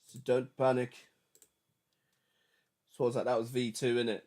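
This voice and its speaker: A man chatting loosely and excitedly while producing music on a livestream, with slangy, jokey banter. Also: mid-range voice, normal speed. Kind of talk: casual livestream chat.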